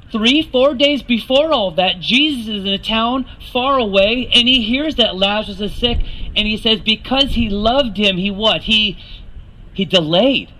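A man's voice: sits high, sharp tone, rough recording. A man preaching a sermon, earnest and rising to emphatic questions to the congregation.

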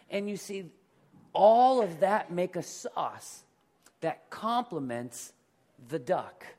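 Speaking in a slightly high, darkish voice, a middle-aged pastor delivers his sermon in a conversational style and has the congregation echo his words back.

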